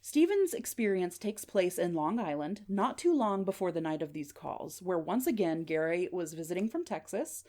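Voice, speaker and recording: A woman podcast host telling a paranormal story, animated and acting out the voices. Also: lowish voice, moderate pace, hardly any pauses. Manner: animated, acts out quoted voices.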